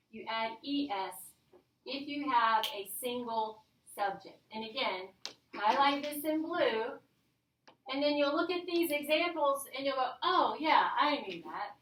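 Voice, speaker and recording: Female teacher, high and bright, slow and upbeat, recorded from afar in an echoey classroom. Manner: upbeat, coaxing, checks in with "all right?". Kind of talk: classroom grammar lesson. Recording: echoey room, voice from a distance.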